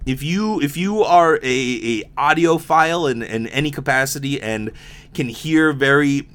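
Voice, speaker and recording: A man's voice: mid-range voice, unhurried, a bit bright. A young man with a slight lisp and a sore mouth, hosting a casual solo podcast in a rambling, candid way with frequent swearing and restarts. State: sore mouth from impacted wisdom teeth. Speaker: podcast host.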